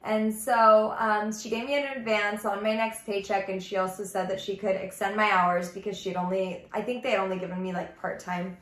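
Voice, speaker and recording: A woman's voice: mid-range voice, fairly even intonation, brisk, hardly any pauses, a bit bright. Chatty woman, echoey room. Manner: chatty, heavy use of "like", earnest and confiding. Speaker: ministry vlogger. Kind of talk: casual personal testimony vlog.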